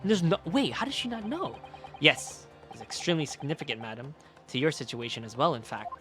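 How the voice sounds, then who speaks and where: A man streaming a video game and reacting out loud. His commentary is animated and excitable, and his pitch swings a lot. Faint music plays under his voice. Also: fairly quick. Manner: animated, excitable, swears, laughs.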